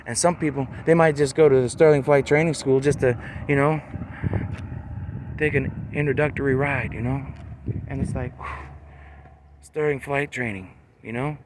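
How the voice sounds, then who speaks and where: A man talking in a loose, rambling monologue, peppering his talk with "man" and "you know" and slowing down to stress words. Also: fairly high pitch, a little hiss or hum.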